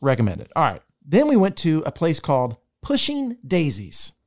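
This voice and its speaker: A man on a podcast, chatting casually as he runs through the places he went. His pitch swings around a lot, and he tells it like a story. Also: wildly swooping pitch, normal speed, a little mellow. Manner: chatty storytelling, restaurant reviews. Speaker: podcast host. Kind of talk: casual chat.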